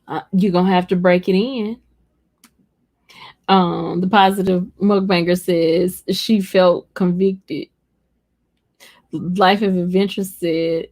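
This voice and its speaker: A woman hosting a casual livestream, chatting expressively, reading viewer comments and jumping into a high voice to quote people. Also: slow. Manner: animated storyteller, jumps to a high voice for quoted people; expressive, chatty, laughs often. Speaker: livestream host. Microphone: streaming setup.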